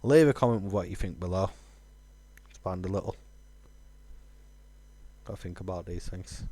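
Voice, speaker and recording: A man's voice: deep voice, moderate pace, pauses often, warm tone, dry recording. A man, musing aloud with fillers while streaming a game. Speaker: gaming streamer. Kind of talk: casual let's-play commentary.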